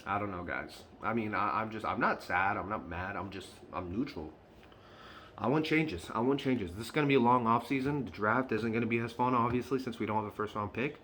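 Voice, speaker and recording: A man's voice: fairly low pitch, fast talker, hardly any pauses, pushed and bright, slight background noise. A man talking straight to camera in an unscripted fan vlog, frustrated and emphatic, often repeating his points. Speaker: sports fan vlogger.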